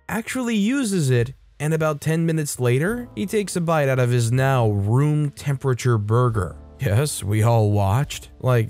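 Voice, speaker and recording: A man's voice: medium pitch, dark tone. A man hosting a story channel, reading stories aloud in a playful, sarcastic manner. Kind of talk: scripted story narration.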